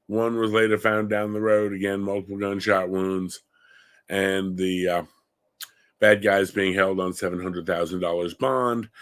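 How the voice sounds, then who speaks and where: Indignant lower-voiced New man. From Long Island, New York. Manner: indignant, rising to heated emphasis. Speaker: gun show host. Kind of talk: opinionated commentary.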